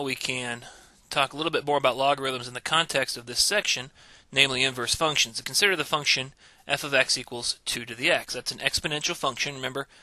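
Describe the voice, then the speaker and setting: A man delivers a recorded math lecture in a very bright, crisp voice. He explains step by step with patience and slows down to stress the key ideas. The sound is dry and close, with no room echo. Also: medium pitch. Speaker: math instructor.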